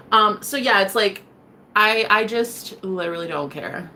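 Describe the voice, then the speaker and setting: A woman's voice: medium pitch, expressive, unhurried, slight background noise. Sassy, playful woman vlogging to camera. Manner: sassy, playful, swings between loud and hushed. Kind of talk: casual vlog monologue.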